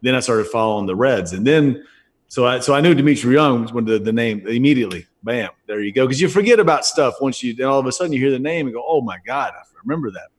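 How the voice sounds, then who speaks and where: A man's voice: mid-range voice, quick pace. A man in his forties co-hosting a podcast, rambling through stories in casual chat and swearing freely. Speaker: podcast co-host.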